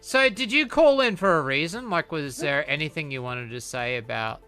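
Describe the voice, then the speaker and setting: A man's voice: a little high, animated, normal speed, sharp tone, smooth, faint music behind. A man from New Zealand with a New Zealand accent, hosting a casual live-stream chat, joking and teasing, often laughing. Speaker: stream host.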